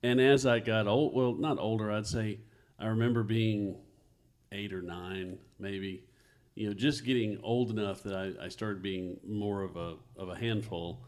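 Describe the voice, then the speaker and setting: A man's voice: lowish voice, measured pace. A middle-aged man hosting a casual family podcast conversation, telling childhood stories with frequent laughter. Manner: animated storyteller, laughs often. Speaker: podcast host.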